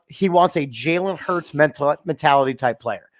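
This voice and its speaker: A man co-hosting a casual sports talk show, giving blunt opinions in an animated way. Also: a little high, a little fast, few pauses, dry recording, clean studio sound.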